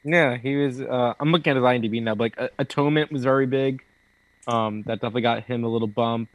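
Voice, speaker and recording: A man's voice: mid-range voice, fairly even intonation, fast, dry recording, low-quality recording. Matter-of-fact male co-host, dry sound. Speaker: podcast co-host. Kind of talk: casual chat.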